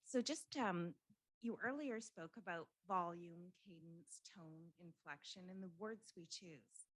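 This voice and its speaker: A woman's voice: fairly low pitch, a little slow, fairly bright tone, dry recording, low-quality recording. A woman clinician in a workshop discussion, reflecting on what she learned.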